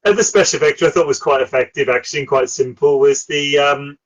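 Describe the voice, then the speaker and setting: A man's voice: on the high side, quick pace, rough recording. A middle-aged man, chatting casually about films as a podcast host, with lots of fillers and frequent laughs. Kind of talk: casual film chat.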